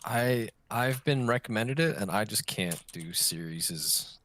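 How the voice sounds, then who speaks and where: A man's voice: on the low side, lively intonation, unhurried, a bit bright, a little hiss or hum. A man co-hosting a casual podcast over an online call, rambling and joking. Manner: rambling, joking, puts on silly voices. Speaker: podcast co-host. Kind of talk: casual chat.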